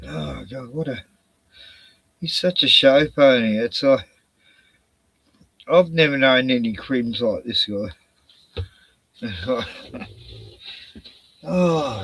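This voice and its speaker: A man's voice: mid-range voice, a bit bright, breathy edge, dry recording. An older man with an Australian accent hosting a casual late-night livestream, out of breath, sighing and swearing as he rambles. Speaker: livestream host.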